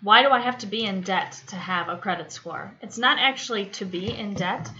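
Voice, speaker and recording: A woman's voice: mid-range voice, normal speed, bright, forceful tone. A woman guest on a podcast, talking chattily about her work and telling anecdotes. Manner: chatty storyteller. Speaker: guest, credit repair specialist. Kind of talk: casual interview talk. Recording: slightly muffled podcast audio.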